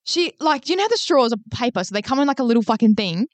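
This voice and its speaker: A woman's voice: a little high, very fast, dry recording. A young woman, co-hosting a casual podcast chat, swearing freely and full of "like" fillers. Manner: sweary, lots of "like" fillers, animated retelling. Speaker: podcast co-host.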